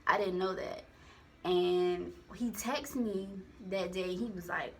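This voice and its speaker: A woman's voice: fairly low pitch, takes it slowly. A young woman telling a personal story into a phone camera, rambling and candid with lots of profanity and slang. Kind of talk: casual storytime monologue.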